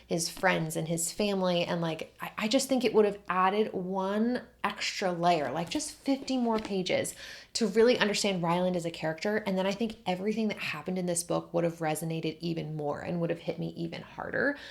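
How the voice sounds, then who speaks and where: A young woman talks through her recent reads in a relaxed, gushing way, leaning on "like" and repeated praise. Her voice sits fairly low for a woman and carries a gravelly fry at the ends of phrases. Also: moderate pace. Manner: gushing, animated, filler-heavy. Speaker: book vlogger. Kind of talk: casual book review chat.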